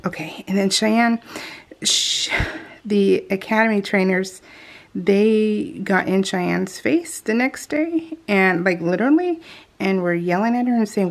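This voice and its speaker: A middle-aged woman telling a family story over a crafting video, chatty and laughing often, with many restarts. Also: medium pitch. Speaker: scrapbooking vlogger.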